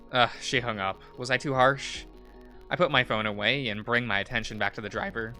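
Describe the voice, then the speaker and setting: A man's voice: mid-range voice, fairly even intonation, brisk, pushed and bright, clear, resonant tone, soft background music. A man streaming a visual novel, reading it aloud with chuckling asides.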